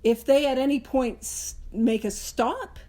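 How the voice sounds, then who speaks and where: Woman leading a book study, high bright voice, chatty and playful, acts out bits as she explains. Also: measured pace. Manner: animated, playful, acts out little voices and jokes. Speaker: host of a Big Book study. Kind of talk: casual teaching talk.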